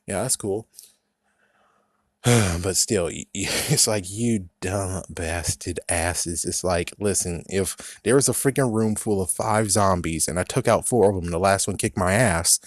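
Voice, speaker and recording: Profane ranting young man, low voice. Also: normal speed, few pauses, no echo, studio quality. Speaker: gaming vlogger. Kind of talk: ranting game review.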